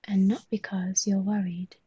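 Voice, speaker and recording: A woman talks in a soft, mostly whispered voice and yawns often as she chats with viewers on a live stream while she draws. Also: medium pitch, flat delivery, normal speed, breathy edge, highs cut off.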